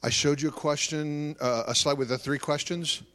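A man's voice: on the high side, fairly even intonation, moderate pace, fairly bright tone. A man giving a live talk to an audience as a Christian ministry speaker, telling stories animatedly and acting out conversations.

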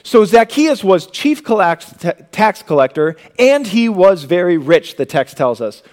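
Young guy preaching, highish voice, goes big then drops real quiet. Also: very animated, a little slow. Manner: dynamic preaching, swinging from loud emphasis to hushed low tones. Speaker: pastor. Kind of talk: sermon.

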